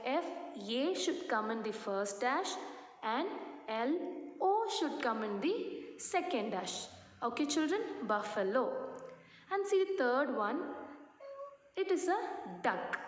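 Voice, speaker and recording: A woman teaches a class of young children, spelling animal names slowly one letter at a time. Her voice sits high and unhurried, and she checks in with them often. The recording carries a long, roomy reverb. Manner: slow, spells words letter by letter. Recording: echoey room with long reverb.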